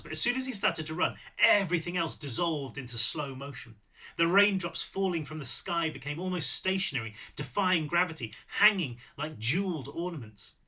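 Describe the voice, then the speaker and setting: Man reading his own book out loud, super bright tense voice, bit high. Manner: lively storytelling, occasional self-corrections. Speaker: author reading his novel. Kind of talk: read-aloud narration.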